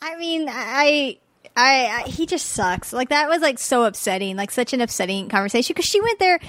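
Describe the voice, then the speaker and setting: A woman's voice: sits high, lively intonation, normal speed, a bit bright, no echo, studio quality. A woman on a panel in casual chat, hesitant and indignant with restarts.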